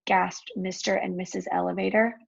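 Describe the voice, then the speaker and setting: A woman reading a children's chapter book aloud in a steady storytelling manner. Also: medium pitch, moderate pace, vocal fry, slightly rough, lo-fi sound. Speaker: storybook reader.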